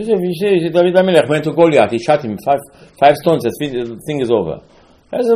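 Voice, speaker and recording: A man's voice: fairly high pitch, lively intonation, fairly quick, dark tone. A man teaching Talmud in an informal lecture, telling stories animatedly, asking rhetorical questions and often restarting his sentences.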